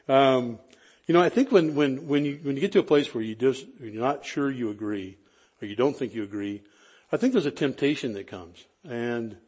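A man with a slightly husky voice of middle pitch preaches to his congregation. He talks like he is chatting with friends, circling back and restarting his sentences, and he pokes fun at himself. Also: darkish tone. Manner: chatty, self-deprecating, frequent restarts. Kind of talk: conversational sermon storytelling.

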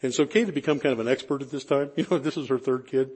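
A man preaching in a relaxed, conversational way, telling a personal story with self-deprecating humor and frequent restarts. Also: mid-range voice, fast, slightly rough.

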